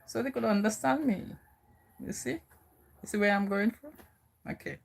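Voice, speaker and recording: A woman's voice: mid-range voice, normal speed, gravelly, breathy edge. A young woman from the Virgin Islands with a Virgin Islands accent, chatting casually and rambling with lots of "you know". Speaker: vlogger. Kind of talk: casual chat.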